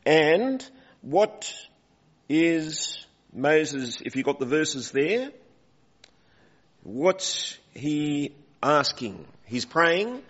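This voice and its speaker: A man preaching a conversational sermon in a church, asking the congregation questions and calling for volunteers. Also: on the high side. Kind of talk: interactive sermon. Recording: dull recording with long hall reverb.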